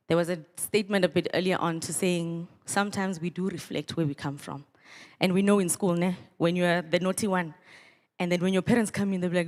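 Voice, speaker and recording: A woman's voice: on the low side, fairly even intonation, brisk, darkish tone, big-room sound. Middle-aged lady giving a pep talk to students, leads chants, upbeat. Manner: call-and-response chants, rousing and upbeat. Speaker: social development official addressing students. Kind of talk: motivational speech to a youth crowd.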